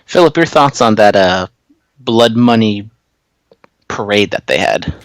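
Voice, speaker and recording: A man's voice: lowish voice, expressive, measured pace, dry recording, low-quality recording. A man co-hosting a casual wrestling podcast, talking loosely with lots of fillers and going off on tangents. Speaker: podcast co-host.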